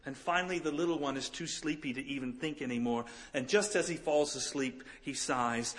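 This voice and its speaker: Preaching as pastor, a middle-aged man alternates between emphatic high points and quiet, slow, soft stretches. His voice sits at a medium pitch.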